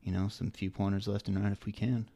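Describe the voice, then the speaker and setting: A man's voice: fairly low pitch, little pitch movement, quick pace, vocal fry, warm tone, no room sound. A man co-hosting a podcast in casual chat, with a slight Southern American accent, talking in a rambling way full of fillers. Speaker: podcast co-host.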